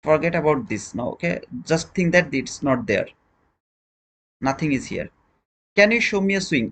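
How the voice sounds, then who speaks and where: A man's voice: on the high side, animated, normal speed, a bit bright. A man teaching a trading lesson on a live stream, questioning viewers and repeating his points in non-native English phrasing.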